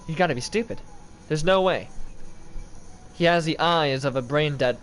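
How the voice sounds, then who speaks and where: A man's voice: medium pitch, moderate pace, long pauses, a bit bright, soft background music. A young man giving casual gameplay commentary, pleading with and scolding an in-game character that won't go the right way. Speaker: gaming video creator.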